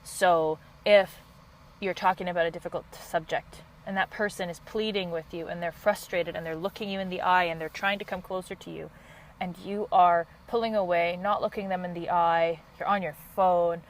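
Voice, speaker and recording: A woman coach hosting a solo podcast, talking in a passionate, quick and high-energy way. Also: fairly even intonation, a little hiss or hum, low-quality recording. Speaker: podcast host and couples coach.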